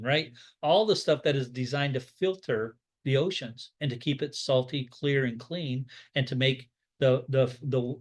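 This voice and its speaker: A rabbi teaching a Bible study in a loose, conversational way, full of fillers and restarts, voicing strong opinions and telling stories. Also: male voice, mid-range voice. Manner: rambling, off-the-cuff, with many fillers and restarts; opinionated, tells stories with lively acted-out dialogue. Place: Florida.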